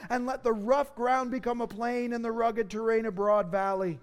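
A pastor delivering a sermon in an earnest, emphatic way, with dramatic rises for key phrases. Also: male voice, very high voice, steady tone, normal speed.

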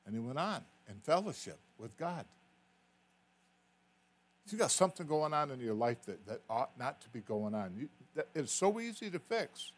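A man's voice: mid-range voice, big pitch swings, normal speed. A man preaching as a guest in a folksy, self-described redneck way, earnest and pleading, often stumbling and repeating words. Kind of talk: sermon with altar call.

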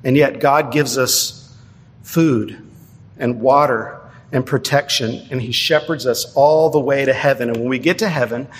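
A male preacher delivering a measured, emphatic sermon, slowing down to stress key phrases. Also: medium pitch, fairly even intonation. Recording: long hall reverb.

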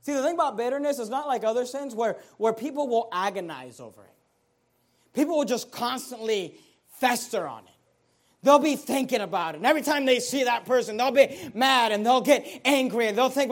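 A man preaching a sermon as pastor, emphatic, rising to shouts and dropping almost to a hush, and repeatedly putting questions to the congregation. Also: very high-pitched, brisk. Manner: emphatic, swinging from shouting to near-quiet.

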